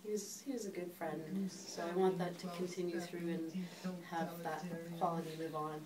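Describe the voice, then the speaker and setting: A woman speaks in a slightly low voice, earnest and reflective, and pauses often as she looks for her words. She is far from the microphone in a reverberant room, with loud music underneath. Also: level tone. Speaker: friend speaking at a memorial. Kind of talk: heartfelt personal remembrance. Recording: roomy, distant, loud music behind.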